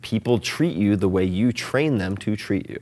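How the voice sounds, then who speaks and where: A man talking as a guest in a casual interview, animated and self-deprecating, often restarting and filling with "like". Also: fairly low pitch, moderate pace. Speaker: podcast guest.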